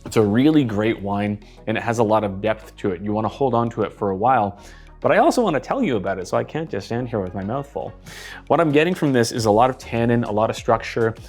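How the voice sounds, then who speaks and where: A man at a mid pitch walks through a wine tasting in an easy, unhurried way, pausing often with filler sounds as he thinks aloud. Faint music sits behind his voice. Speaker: wine taster for a wine seller. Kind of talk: casual product tasting talk.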